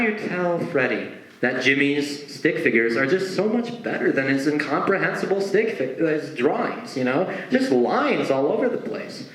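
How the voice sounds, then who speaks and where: A man's voice: fairly high pitch, moderate pace, hardly any pauses. Young guy doing stand-up, chatty with asides, voice bouncing all over, echoey room. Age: young adult. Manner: conversational, with frequent asides and lively acted quotes. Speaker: stand-up comedian. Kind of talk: stand-up comedy set. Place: stage performance. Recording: roomy echo.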